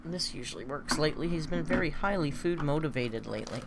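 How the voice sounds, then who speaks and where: A woman's voice: deep voice, expressive, quick pace, vocal fry, heavy background noise. A woman chatting casually on a live stream, reading viewer comments aloud and laughing often.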